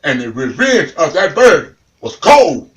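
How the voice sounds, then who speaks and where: A man telling a comic tale in an animated, dramatic way, talking straight to the listener. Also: a little high, unhurried, roomy sound, far from the mic, poor audio. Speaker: storyteller.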